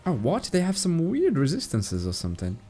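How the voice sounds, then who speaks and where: While playing a game on a live stream, a man with a non-native English accent chats casually and thanks viewers in chat. He speaks briskly in a dark-toned, somewhat high voice whose pitch swoops wildly, and faint music plays in the background.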